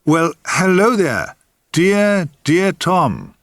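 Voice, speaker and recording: A man's voice: medium pitch, sing-song, a little fast, dry recording, clean studio sound, natural voice. An older man reading aloud, voicing a smug forty-something woman with a knowing, challenging lilt in a storybook reading. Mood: teasing.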